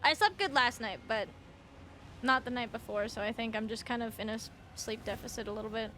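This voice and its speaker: High, bright-voiced young woman streamer. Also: fairly quick, a little hiss or hum. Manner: chatty, swears freely, greets chat by name. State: a little tired and sleep deprived. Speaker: video game streamer. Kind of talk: casual stream chat.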